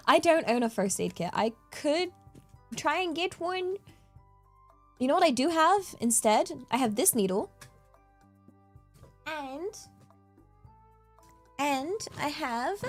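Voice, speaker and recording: A bubbly young-sounding woman chatting on a live stream, her voice sitting a little high and bouncing all over. She giggles and gets excited easily. Faint music plays behind her. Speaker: VTuber streamer. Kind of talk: casual live-stream chat.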